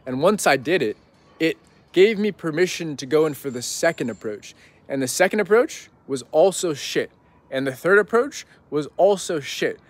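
A young man guesting on a podcast rambles casually through a story, leaning heavily on "like" and "right?". His voice is on the high side with lively intonation, at a moderate pace, on a dry recording.

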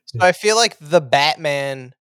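Young man, smooth clear voice, a little high, easygoing podcast talk. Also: expressive, measured pace, fairly bright tone, no room sound, clean studio sound. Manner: easygoing, chuckles, swears. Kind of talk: casual chat.

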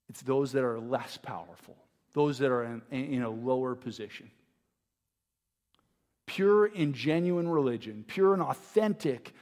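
A man's voice: mid-range voice, a little mellow, big-room sound. A man in his forties preaching a sermon, earnest and reflective, with many fillers and restarts. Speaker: pastor.

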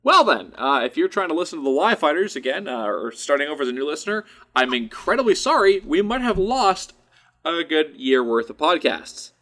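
A man's voice: fairly high pitch, brisk. A young man co-hosting a casual podcast, telling stories with lots of swearing and acted-out quotes. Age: young adult. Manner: animated storyteller, swears freely, acts out quotes. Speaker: podcast co-host.

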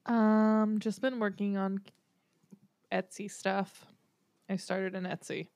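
A woman chatting casually on a podcast, throwing in quick asides. Her voice has a gravelly creak, and the sound is dry and close to the mic. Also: medium pitch, little pitch movement, darkish tone, dry recording. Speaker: podcast co-host. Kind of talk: casual chat.

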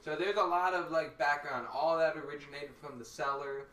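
A man's voice: fairly high pitch, fairly even intonation, normal speed, bright, forceful tone, reverberant, distant mic, slight background noise, poor audio. A man who does stand-up, co-hosting a podcast in loose, profane banter and laughing often. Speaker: podcast co-host, stand-up comic.

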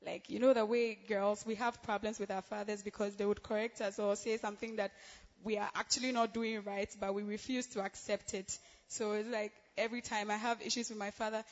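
A woman's voice: medium pitch, flat delivery, a little fast. A young woman, giving a chatty, giggly church testimony full of fillers, in a large church hall. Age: young adult. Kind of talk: emotional spoken testimony. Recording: reverberant hall, dull sound.

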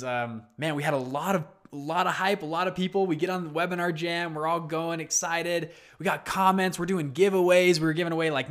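A young adult man hosting a solo podcast, telling stories in an energetic, chatty way. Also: on the high side. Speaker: podcast host. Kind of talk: casual solo podcast talk.

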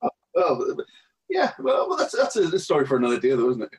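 A man's voice: fairly high pitch, wildly swooping pitch, fast talker, husky. A man co-hosting a podcast in casual chat, mostly giving short agreeing replies and stammering through restarts. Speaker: podcast co-host.

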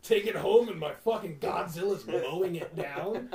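A man with a high voice tells a wild story in casual podcast chat. His pitch swings all over as he acts out everyone's lines. The room is echoey. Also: normal speed, crowd noise. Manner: animated storytelling, swearing, acting out quotes. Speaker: podcast host.

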